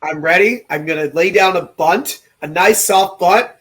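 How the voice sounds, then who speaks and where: A man from California with a somewhat high voice, chatting and joking easily. He co-hosts a casual podcast in a friendly, storytelling way. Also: moderate pace, a bit bright, husky. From California, USA. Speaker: podcast co-host. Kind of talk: casual chat.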